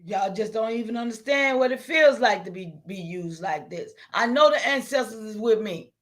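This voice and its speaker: A middle-aged woman, hosting a livestream and preaching to her viewers, excitable and calling out to them, breaking into shouts. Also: mid-range voice, moderate pace. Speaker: livestream host. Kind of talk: impassioned livestream talk.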